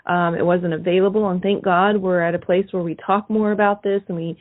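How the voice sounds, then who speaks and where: A woman's voice: fairly low pitch, steady tone, a little fast. Affirming woman host on a tinny line. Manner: affirming, reflective listener. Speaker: host and coach. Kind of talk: interview conversation. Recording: tinny phone-line sound.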